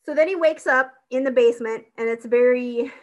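A woman's voice: high-pitched, brisk, a little mellow, dull audio. A woman in casual chat, animatedly retelling a film scene and acting out the characters' lines.

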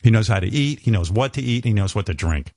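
Host, new guy, low voice, lively swoops, rambling and profane, dry close mic. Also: quick pace, no room sound. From New York. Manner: profane, rambling storytelling with lots of fillers. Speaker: radio show host. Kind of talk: casual radio show banter.

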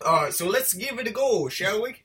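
A man putting on a deliberately bad, exaggerated Irish voice as a joke. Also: sits high, animated, pushed and bright, distant mic, pitched above the performer's own voice. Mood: hammy brogue. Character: cartoonish Irish man, overblown and hammy.

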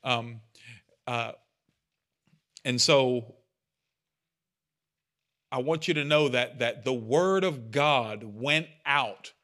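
Bright-voiced chatty man preaching. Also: mid-range voice, extremely slow, pauses often. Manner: chatty, rambling, self-deprecating asides. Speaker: pastor. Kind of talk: casual sermon talk.

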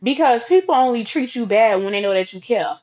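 A blunt older man handing out tough, profane advice, as a woman quotes him in her own fairly high voice. The lo-fi recording sounds dull. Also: lively intonation, brisk, darkish tone, close to an everyday voice. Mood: stern advice.

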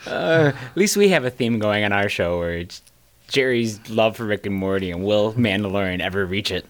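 Low-voiced male podcast co-host. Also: normal speed. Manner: laughs often, energetic. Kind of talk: casual chat.

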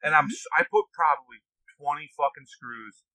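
Bright-voiced man telling rowdy stories. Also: a little high, moderate pace, dry recording, low-quality recording. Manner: profane, animated storyteller. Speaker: podcast co-host, navy veteran. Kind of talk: casual storytelling chat.

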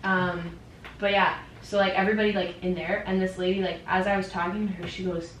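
A woman with a fairly low voice shares an anecdote in easy conversation and laughs as she goes. The recording is roomy and a little distant, with faint noise underneath. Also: level tone, fairly quick. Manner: laughing, chatty storyteller. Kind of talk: casual chat.

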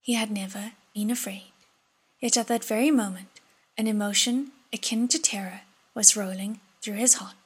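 A woman narrating an audiobook in a soft, half-whispered reading voice. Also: mid-range voice, steady tone, moderate pace, husky.

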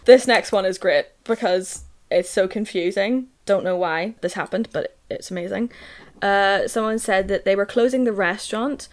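Chatty young woman telling stories. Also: moderate pace. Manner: chatty storyteller, lots of "like", sweary, bursts into high laughter. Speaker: podcast co-host. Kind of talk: casual chat.

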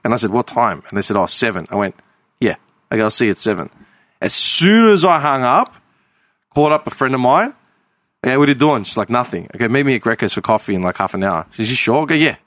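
Australian man, lively storyteller, dry close sound, casual banter. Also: mid-range voice, fast talker, no room sound. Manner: storytelling, swears freely. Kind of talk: casual chat.

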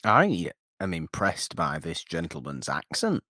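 Casting note: man, film-podcast host, very deep voice with lively pitch, wry and teasing, dry close sound. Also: a little slow, no room sound. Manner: wry, mock-posh teasing, talkative. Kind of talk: casual film discussion.

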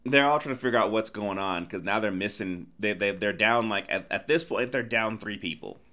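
A man co-hosting a casual movie review podcast, retelling scenes in an animated way and putting on voices for the characters. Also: fairly low pitch, fairly quick. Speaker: podcast co-host, the father.

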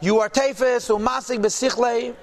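A man teaching a Torah class, reading Hebrew and Aramaic phrases and translating them quickly into English, emphatic and repetitive. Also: very high voice, steady tone. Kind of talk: Hasidic text class.

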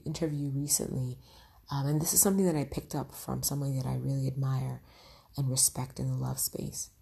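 A woman's voice: extremely low pitch, gravelly, mellow, breathy edge. A woman hosting a podcast, giving earnest motivational advice on love and speaking straight to her listeners, often checking in with "right?". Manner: earnest, addresses listeners directly with frequent "right?". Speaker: podcast host.

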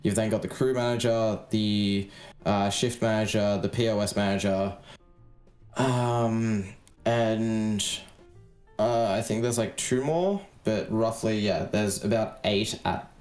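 A man's voice: on the low side, slow pace, a little mellow, faint music behind. A man with an Australian accent, co-hosting a podcast in casual chat, laid-back, swearing freely and using lots of fillers. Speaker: podcast co-host.

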